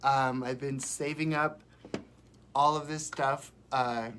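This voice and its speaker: A man's voice: mid-range voice, little pitch movement, takes it slowly, fairly bright tone, slight background noise. Chatty, sentimental man on a live stream. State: sick. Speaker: vlogger. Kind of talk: casual live-stream chat.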